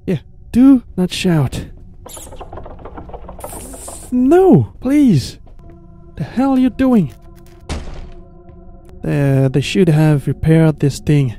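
Jumpy high-voiced man playing a horror game. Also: slow pace, long pauses, warm tone, soft background music. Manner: jittery, jumps to high-pitched pleading when scared. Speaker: gamer. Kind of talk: horror game playthrough commentary.

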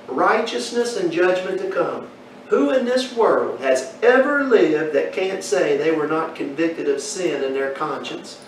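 Male Bible teacher, high voice, questions the class, recorded far off in an echoey room. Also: slight background noise. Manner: asks the class questions, folksy storytelling.

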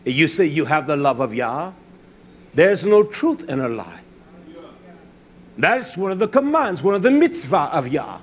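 An older man preaching a sermon in a fiery, scolding way, swinging from loud outbursts to low, quiet stretches. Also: big pitch swings, unhurried, pauses often, slightly rough.

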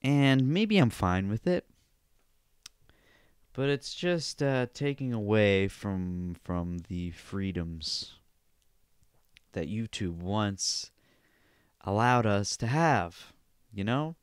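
A man's voice: lowish voice, slow, pauses often, smooth, no room sound, studio quality. A young man hosting a solo podcast, ranting casually with plenty of swearing and sarcasm. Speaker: podcast host.

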